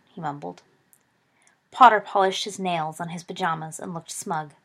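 A woman's voice: on the low side, moderate pace. Woman narrating a story. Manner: steady storytelling with voiced dialogue. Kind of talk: audiobook reading of a fan story.

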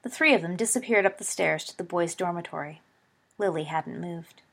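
A woman narrating a story aloud, reading with expressive swings in volume. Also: fairly low pitch, brisk, creaky. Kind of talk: audiobook reading of fan fiction.

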